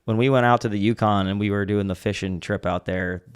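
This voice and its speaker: A man's voice: on the low side, a little fast, clear, resonant tone. Profane, jokey man in casual chat. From family from Canada. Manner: profane, jokey, animated when riffing. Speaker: podcast co-host.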